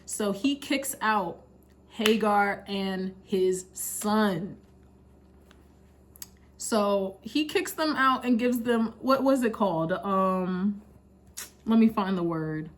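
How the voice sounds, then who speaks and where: A young woman who vlogs about Bible study retells a Bible story in a slangy, chatty way, laughing often. Her voice is medium-pitched and slow, picked up by a camera mic.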